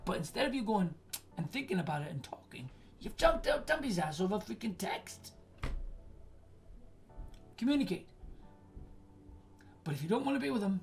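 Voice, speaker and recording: A woman's voice: mid-range voice, sing-song, moderate pace, creaky, long pauses, faint music behind. A woman in her forties hosting an advice stream, blunt and swearing freely as she rants at a listener. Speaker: advice show host.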